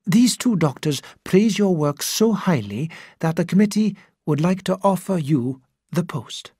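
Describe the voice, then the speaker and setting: A formal male committee secretary, as the story's reader puts him on speaks in a measured, official tone. The delivery is slow and a little husky. It sounds dry and close. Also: mid-range voice, expressive, warm tone, no echo, pitched above the performer's own voice.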